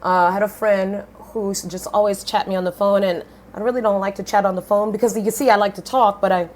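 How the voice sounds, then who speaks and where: A woman in her thirties, a podcast guest telling her story in a lively, blunt way, swearing casually and switching voices when she quotes people. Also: quick pace. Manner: animated, swings pitch widely when quoting others.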